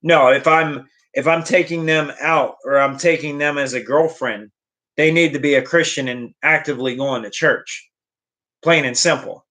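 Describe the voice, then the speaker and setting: A man's voice: on the high side, steady tone, normal speed, bright, forceful tone. A young man talking earnestly to camera in a casual motivational vlog, often repeating and restarting his phrases. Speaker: vlogger.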